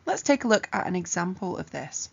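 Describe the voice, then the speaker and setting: A woman teaching an exam revision lesson, explaining punctuation rules clearly and methodically with examples. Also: fairly low pitch, very animated, fairly quick, muffled recording. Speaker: English tutor.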